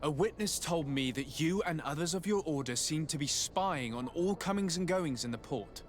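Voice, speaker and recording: An actor playing a composed young male noble envoy in a game, speaking in a measured, questioning way. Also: fairly high pitch, animated, close to an everyday voice. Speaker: player character. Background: faint game music.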